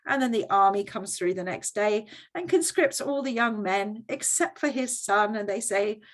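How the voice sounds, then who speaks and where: A woman's voice: mid-range voice, animated, moderate pace, hardly any pauses. A woman presenting a workshop in a conversational teaching style, often checking in with her audience.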